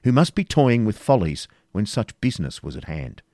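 A man's voice: on the low side, big pitch swings, moderate pace, a little mellow, no room sound, studio quality. A man voicing a calculating royal counsellor in an audiobook reading, speaking in formal old-fashioned phrasing. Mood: urgent, persuasive. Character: scheming adult male royal counsellor, cool and calculating.

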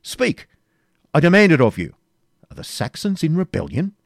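A man's voice: fairly high pitch, huge pitch swings, moderate pace, creaky, no echo, studio quality, voice pushed up, full character voice. A man voicing a vain, imperious prince. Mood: indignant. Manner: commanding, indignant courtly speech. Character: vain, hot-tempered adult male prince, spoilt and imperious. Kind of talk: audiobook character reading.

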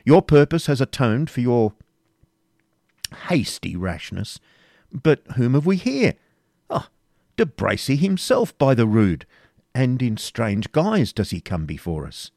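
A man's voice: medium pitch, huge pitch swings, slow, long pauses, darkish tone, dry recording, clean studio sound, voice pushed up, heavily acted. A man voicing a spoilt, hot-tempered prince in an audiobook reading, speaking in commanding, indignant courtly phrasing. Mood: lofty. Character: vain, hot-tempered adult male prince, spoilt and imperious.

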